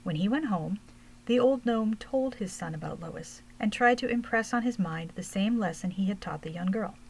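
A woman's voice: medium pitch, gravelly, slight background noise, poor audio. Woman reading a storybook aloud. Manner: steady, measured reading aloud. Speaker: narrator.

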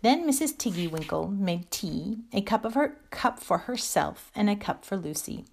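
A woman reading a children's story aloud in a gentle, expressive way. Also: mid-range voice, normal speed, gravelly, slight background noise.

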